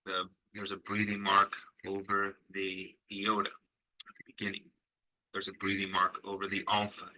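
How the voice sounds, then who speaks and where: A man teaching a recorded language lesson in a relaxed way, pausing with fillers and sounding out syllables slowly. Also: low voice, rough recording. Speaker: Greek teacher.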